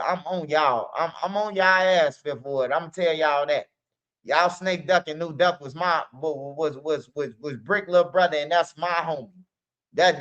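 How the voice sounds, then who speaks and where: A high-pitched, sharp-toned man rambles casually to his stream audience. His talk is loose and slangy, peppered with "man" and "bro", and it comes through on dull lo-fi audio. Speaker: streamer host.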